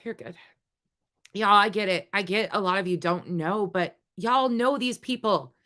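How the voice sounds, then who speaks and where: A woman's voice: mid-range voice, normal speed, bright, forceful tone. A woman hosting a livestream, talking to her chat in a heated, swearing, casual way. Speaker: livestream host.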